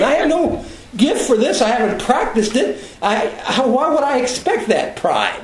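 An older man gives a conversational sermon to a class, telling self-deprecating stories in a folksy way. His voice sits high, and the room echoes around him. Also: very animated, normal speed. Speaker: Bible class teacher.

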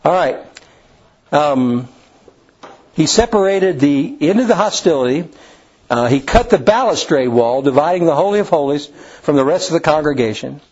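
A man's voice: on the high side, a little mellow, breathy edge, dull audio. A man preaching a sermon, acting out the scenes he tells. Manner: folksy storytelling, acts out the scenes.

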